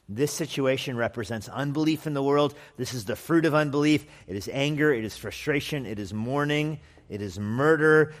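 A male pastor preaching a sermon in a conversational, animated way, acting out the people in the story. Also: medium pitch, long reverb tail.

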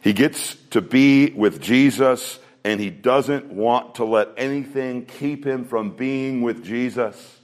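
A man delivers a sermon in an earnest, mid-pitched voice. He asks his listeners rhetorical questions, slowing down and speeding up as he drives each point home. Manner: earnest preaching, rhetorical questions, shifting pace. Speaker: pastor.

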